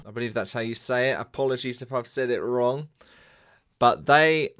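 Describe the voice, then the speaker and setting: A man's voice: medium pitch, fairly bright tone, clear, resonant tone. A man hosting a sports podcast, giving a chatty, upbeat solo introduction. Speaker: podcast host and sports broadcaster.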